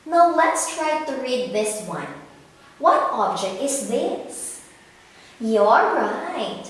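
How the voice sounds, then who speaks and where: A woman teaching young children a phonics lesson, sounding out letters slowly and coaxing them to repeat after her. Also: fairly high pitch, sing-song, a bit bright. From Philippines. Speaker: primary school teacher. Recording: very echoey room, voice from a distance.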